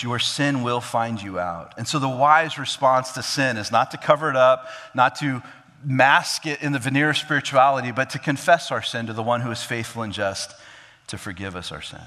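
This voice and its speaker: A man's voice: medium pitch, sharp tone, in a large hall. A man preaching a sermon as pastor, earnest and vivid, who acts out scripture scenes as he goes.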